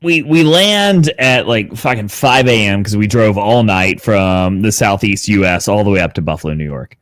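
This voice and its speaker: A man, a guest on a podcast, telling a story casually, animated and swearing freely. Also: on the low side, moderate pace, no room sound, studio quality. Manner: animated, swears freely, acts out quoted dialogue. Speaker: podcast guest, content creator.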